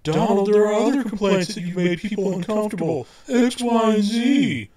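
A man's voice: sits high, normal speed, dark tone, echoey room, far from the mic, pitched above the performer's own voice, natural voice. A man voicing a prim newspaper boss pressing a reporter to quit, in an insistent, repetitive way.

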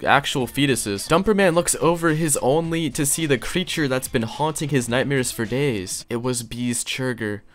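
A man reading fan fiction aloud on his channel, breaking off into sarcastic, profane, mock-outraged comments. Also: mid-range voice. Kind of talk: comedic reaction reading.

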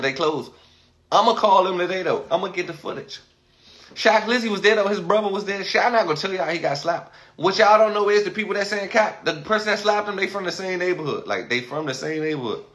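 A man talking casually to his livestream viewers, animated and rambling, repeating himself often. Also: high-pitched, fast talker.

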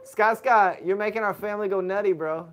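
Chatty dad streaming live. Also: male voice, sits high, a little fast, heavy background noise. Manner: chatty, reads chat aloud, gives shout-outs. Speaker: family livestream host. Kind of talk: casual livestream chat.

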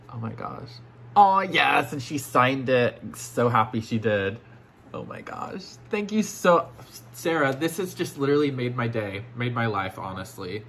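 A man with an ordinary mid-range voice talks through an unboxing of vintage collectibles, gushing and exclaiming over each piece. He often slips into breathy near-whispers. A faint room hum sits underneath. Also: mid-range voice, expressive, measured pace, fairly bright tone. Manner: gushing, effusive, repeats "oh my gosh". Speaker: vintage toy collector and seller. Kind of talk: casual unboxing vlog.

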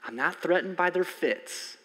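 Higher-voiced pastor man in echoing hall. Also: moderate pace, husky. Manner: conversational, swings from loud emphasis to near-whisper. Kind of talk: sermon. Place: church sanctuary. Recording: long hall reverb from a church sanctuary.

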